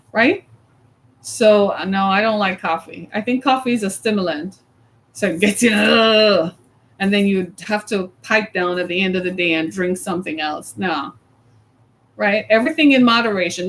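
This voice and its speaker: A woman hosting a casual live chat, chatty and opinionated, laughing often and ending her sentences with "right?". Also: medium pitch. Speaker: host.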